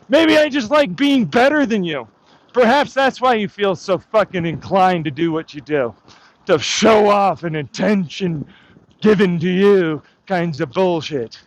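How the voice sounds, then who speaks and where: High-voiced man ranting sarcastically. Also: measured pace. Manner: sarcastic, profane, mocking heckler-style rant. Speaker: vlogger. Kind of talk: rambling outdoor vlog monologue. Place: outdoors on a hike.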